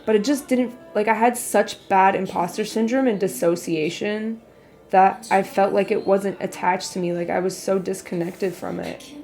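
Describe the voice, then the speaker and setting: A young woman talks openly on a live stream, confiding and heartfelt, her voice sitting at an ordinary middle pitch. Soft music plays faintly behind her. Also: fairly even intonation, normal speed. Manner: candid, emotional, confiding. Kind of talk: casual livestream chat.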